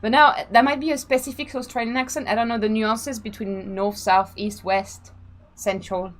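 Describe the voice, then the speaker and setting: A woman's voice: on the high side, fairly even intonation, moderate pace. A woman hosting a casual live stream, chatting freely, laughing and reading out the chat. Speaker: streamer and sim racing host.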